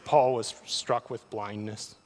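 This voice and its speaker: A man preaching a sermon, often repeating words as he starts a thought, with animated delivery. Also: on the low side, takes it slowly. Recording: long hall reverb.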